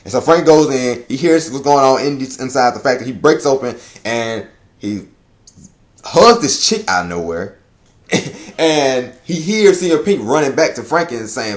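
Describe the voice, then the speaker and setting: A man giving a casual, rambling manga chapter review, swearing often, laughing a lot and jumping into high excited exclamations. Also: moderate pace.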